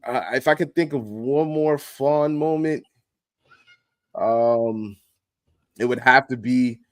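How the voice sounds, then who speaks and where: A man guest streamer talking casually in an interview, relaxed and slangy with many fillers. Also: mid-range voice, slow, dry recording.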